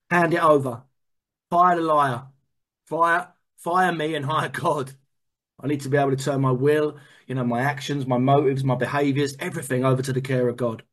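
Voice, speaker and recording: A man telling his own recovery story in an earnest, animated way, with many restarts. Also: mid-range voice. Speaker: recovery speaker. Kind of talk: personal testimony talk.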